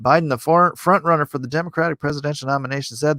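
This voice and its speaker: A man's voice: fairly high pitch, fairly even intonation, racing, hardly any pauses, sharp tone, no echo, studio quality. A man hosting a livestream in casual political commentary, rambling and sarcastic, with mocking asides.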